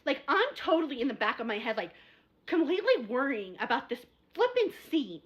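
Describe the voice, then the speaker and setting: Fast-talking excitable woman book reviewer. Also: high-pitched, highs cut off. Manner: rambling, repeats herself, gets worked up. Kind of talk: casual chat, book review vlog.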